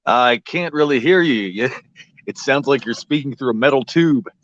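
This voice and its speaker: A man's voice: mid-range voice, moderate pace, fairly bright tone. A man calling in to a live stream by phone, talking in a friendly, easygoing way. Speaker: guest caller. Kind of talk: casual chat. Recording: muffled phone audio.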